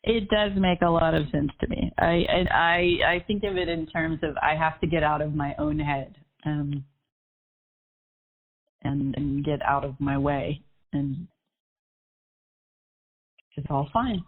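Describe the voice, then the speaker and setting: A woman client on a coaching call, agreeable and easy to laugh. Her voice is low for a woman. It comes through a thin, phone-like line. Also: steady tone, unhurried, pauses often. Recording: tinny phone-line audio.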